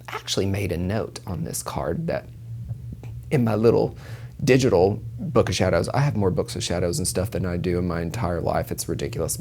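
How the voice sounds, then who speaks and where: Emphatic, profane man hosting a solo podcast. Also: slight background noise. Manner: emphatic, profane, calls listener honey; repeats points for emphasis with pitch swings. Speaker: podcast host and tarot reader.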